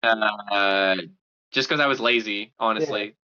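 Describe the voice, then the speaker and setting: Bright-voiced young man telling a rambling story. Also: fairly low pitch, measured pace, clean tone, highs cut off. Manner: relaxed, rambling storyteller with many fillers and restarts. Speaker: podcast co-host. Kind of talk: casual storytelling chat.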